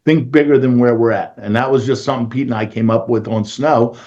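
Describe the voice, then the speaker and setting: A man's voice: mid-range voice, steady tone, a little fast, a little mellow, lo-fi sound. A man with a Philadelphia accent, a real estate agent talking energetically and in a salesy way on a casual panel call.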